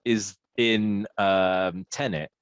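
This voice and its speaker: A man's voice: on the low side, fairly even intonation, extremely slow, clear, resonant tone, dry recording, lo-fi sound. A man co-hosting a podcast, chatting casually with lots of fillers, restarts and laughter. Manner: rambling, many fillers and restarts, laughs often. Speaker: podcast co-host. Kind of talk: casual chat.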